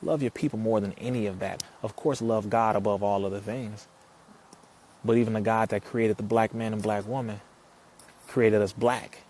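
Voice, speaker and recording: A man's voice: on the low side, fairly even intonation, normal speed, darkish tone, a little hiss or hum. A man talking to viewers on a live stream, reading their comments and answering them, preachy and emphatic, repeating his points. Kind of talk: casual live stream talk.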